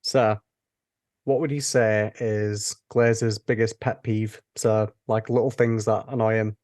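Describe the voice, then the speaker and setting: A man co-hosting a podcast, chatting casually and dropping joking, quick interjections. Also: lowish voice, flat delivery, a little mellow. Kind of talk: casual chat.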